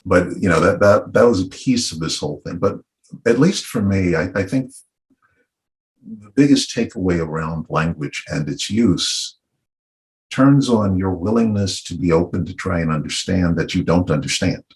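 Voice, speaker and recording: A middle-aged man from Virginia speaking on a panel discussion in a thoughtful, unhurried and wry way. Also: low-pitched, lively intonation. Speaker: panel guest.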